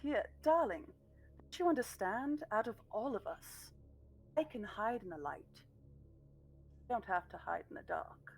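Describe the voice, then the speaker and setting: A woman's voice: a little high, very animated, a little slow, pauses often, rough recording. A woman doing a languid, vain celebrity vampire man. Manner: soft, affected, drawling "darling".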